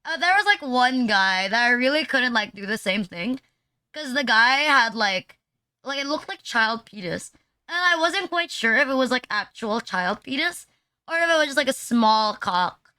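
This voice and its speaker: A woman's voice: a little high, lively intonation, moderate pace, sharp tone, smooth, dry recording. A woman streamer chatting casually on a livestream, rambling crudely with constant "like" fillers and teasing her chat. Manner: mocking, teasing banter with chat. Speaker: VTuber streamer.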